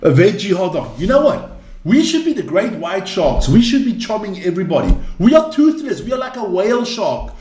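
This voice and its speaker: A man's voice: high-pitched, echoey room. A man hosting a rugby chat show, ranting and swearing, from South Africa. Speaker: rugby channel host. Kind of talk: heated casual chat.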